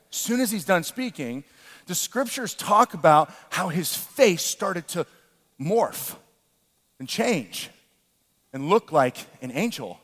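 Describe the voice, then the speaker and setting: A male pastor preaching an animated sermon, often breaking into shouts. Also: high voice, long reverb tail.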